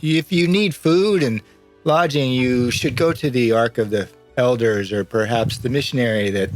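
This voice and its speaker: A man's voice: mid-range voice, normal speed, soft background music, natural voice. Stern ancient goblin gatekeeper, man doing the voice, snooty and curt. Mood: dismissive. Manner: haughty, dismissive. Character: very old stern male goblin doorkeeper.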